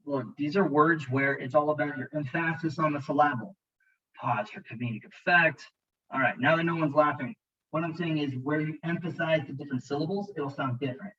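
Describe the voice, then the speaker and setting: A man's voice: fairly high pitch, a bit bright, muffled recording. A man teaching as an EMT instructor, narrating a slideshow lecture in a jokey, conversational way and talking to students directly.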